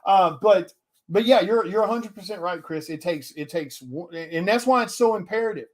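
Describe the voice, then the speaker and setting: A man's voice: sits high, normal speed. A man, an indie comic artist, talking to his viewers in a blunt, profane casual rant, with many restarts.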